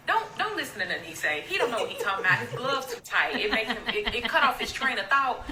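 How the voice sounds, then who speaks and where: A woman's voice: high-pitched, bright, forceful tone, full character voice. A woman in a comedy skit playing a bossy, sassy boss who runs a wrestling locker room. She scolds, drawls and talks in slang. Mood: scolding. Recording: echoey room with clear background noise.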